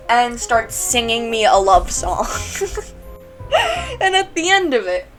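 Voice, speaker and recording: A woman's voice: a little high, sing-song, slow pace, faint music behind. A woman telling a storytime vlog in a chatty, giggly way, laughing between phrases. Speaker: YouTuber.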